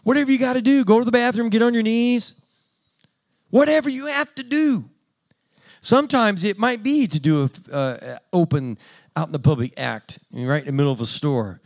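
Male preacher, somewhat high-pitched, plain-spoken and self-deprecating, delivering a conversational sermon. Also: moderate pace.

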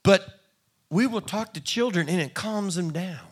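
A man's voice: high-pitched, animated, measured pace, slightly rough. A man preaching a sermon in a conversational, folksy way, acting out little quoted exchanges. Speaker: pastor.

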